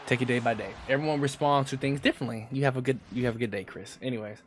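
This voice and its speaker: A man's voice: mid-range voice, fairly even intonation, racing, slight background noise. A man streaming a football video game, talking loosely to his chat and friends while he plays. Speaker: gaming streamer. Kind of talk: live stream gameplay commentary.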